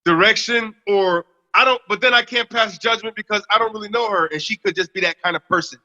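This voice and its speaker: A man's voice: a little fast, pushed and bright, big-room sound, muffled recording. A young man from the US Northeast, cohosting a podcast in casual chat, telling a story with plenty of laughs and swearing. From Northeast United States. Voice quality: baritone.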